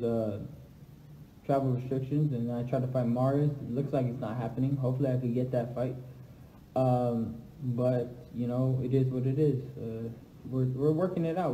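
A young man chatting casually on a phone livestream alone in an empty house, shifting between low, subdued talk and loud, hyped trash talk. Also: a little hiss or hum. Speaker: livestream host answering fans. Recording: echoey room.

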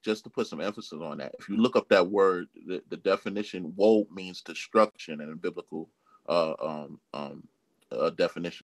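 A man reading Bible verses aloud and adding a short explanation, slow and measured with some hesitant fillers. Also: low voice, no echo, low-quality recording. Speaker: scripture reader.

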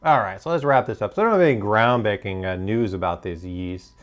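A man's voice: fairly low pitch, a little fast. A man hosting a homebrewing channel, casually reviewing his beers in a hesitant, hedging way, full of fillers.

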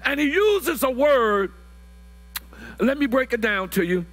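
High, lively-voiced preacher in his sixties. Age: 60s. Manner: builds to shouted, drawn-out preaching, repeats words. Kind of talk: sermon.

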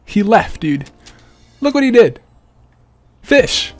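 A man's voice: high-pitched, very animated, slow pace, darkish tone, soft background music. A young man giving playful, trolling gameplay commentary, laughing often. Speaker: gaming streamer.

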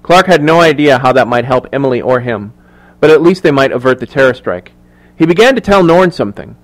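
A male audiobook narrator reads a thriller in scripted narration, his storytelling voice measured and even. His pitch is mid-range, and the delivery holds steady throughout.

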